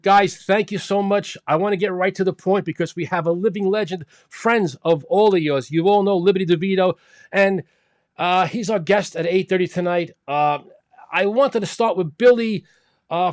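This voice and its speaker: Male host, high-pitched, friendly and casual, dry close recording. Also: no room sound. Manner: friendly, calls guests bro. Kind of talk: live online show hosting.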